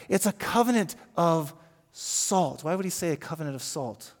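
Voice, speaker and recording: A man's voice: a little high, expressive, normal speed. A man preaching a conversational sermon as pastor, often repeating words and asking rhetorical questions. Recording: echoey hall with long reverb.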